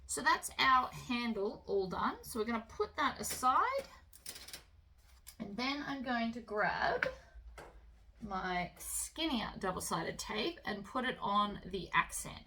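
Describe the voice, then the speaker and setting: A woman walks through a sewing project step by step, chatty and unhurried, dropping in little fillers as she works. Her voice is bright and fairly high. A soft hiss and the odd click sit behind her. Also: rough recording. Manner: relaxed, chatty instruction with fillers. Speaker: sewing tutorial host. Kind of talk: step-by-step craft tutorial.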